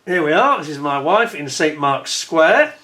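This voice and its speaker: A man narrates his travel footage in a voice pitched a little above the usual male range. His tone is bright and forceful. He tells the story as an indignant, exasperated rant. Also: very animated, unhurried. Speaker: travel vlogger. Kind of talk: voice-over narration of holiday footage.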